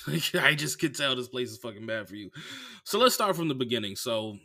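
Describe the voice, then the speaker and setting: Man from the bay area, comedian, casual storytelling, swears a lot, bright forceful voice, middle pitch. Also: a little fast. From San Francisco Bay Area. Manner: animated, profane, heavy use of "like". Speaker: comedian and podcast host.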